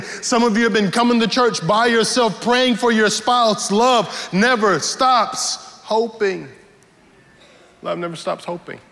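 High-voiced pastor preaching in a ringing hall. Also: male voice. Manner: animated, humorous, repetitive preaching. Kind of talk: sermon. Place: church. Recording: reverberant hall with faint music.

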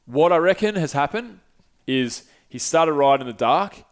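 A man's voice: fairly high pitch, expressive, normal speed. Rambling, swearing male storyteller. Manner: profane, rambling anecdote with frequent fillers. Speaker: podcast host. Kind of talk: casual solo storytelling.

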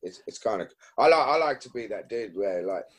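A man's voice: on the low side, lively intonation, fairly quick, breathy edge. A man talking as a podcast guest in casual chat, rambling with restarts and frequent swearing. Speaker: podcast guest, BMX rider.

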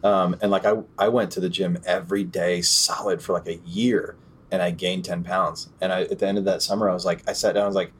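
Male podcast host; very low, husky voice, laid-back and chatty. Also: a little fast. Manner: relaxed, chatty, filler-heavy. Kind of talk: casual interview chat.

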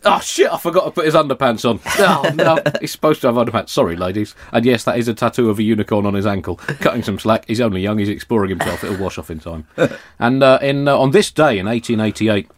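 A man's voice: fairly low pitch, fast talker, hardly any pauses. A man with an English accent hosting a comedy podcast, dry, mock-formal and digressive. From Britain.

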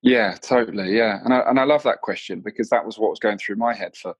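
A man's voice: lowish voice, fast, breathy edge, no room sound, lo-fi sound. A man in his thirties, a mindset coach, telling personal stories candidly and reflectively in a casual podcast conversation, often restarting his sentences. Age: 30s.

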